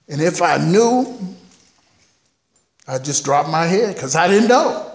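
A man's voice: fairly high pitch, big pitch swings, slow, long pauses, a little hiss or hum. Folksy man telling his story in an echoey hall. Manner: candid, humorous, folksy storytelling. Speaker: recovery speaker sharing his story. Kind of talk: storytelling talk at a recovery meeting. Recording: echoey hall, heard from a distance.

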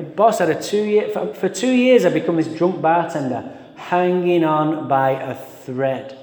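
In an echoey hall, a man with a slightly high voice candidly tells an audience his own recovery story. He's animated and self-mocking, acting out the inner voices of his past thoughts.

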